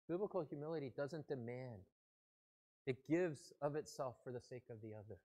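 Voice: medium pitch, animated, moderate pace, dark tone. A pastor preaching a sermon in an earnest, conversational way.

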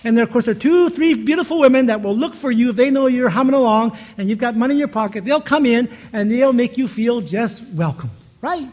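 Man, pastor, high voice, conversational sermon, storytelling, restarts sentences. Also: expressive, fairly quick, hardly any pauses, darkish tone. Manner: storytelling, chatty, with frequent restarts.

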